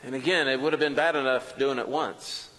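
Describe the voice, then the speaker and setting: A man's voice: mid-range voice, steady tone, a little fast, a bit bright, long reverb tail, rough recording. A man performing a first-person dramatic monologue as a preacher, telling the story earnestly with self-mocking asides. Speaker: preacher performing a biblical character.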